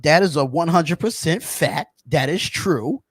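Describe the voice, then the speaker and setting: A man hosting a casual sports talk podcast, animated and chatty, calling out to viewers. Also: on the high side, unhurried, husky, no room sound, studio quality. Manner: animated, shouts out viewers, says y'all. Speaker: podcast host.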